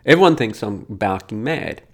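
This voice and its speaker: A man's voice: fairly low pitch, expressive, moderate pace, vocal fry. A middle-aged man in a casual monologue, indignant and emphatic, repeating words for effect. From Australia. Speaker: commentator. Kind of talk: casual monologue reading comments.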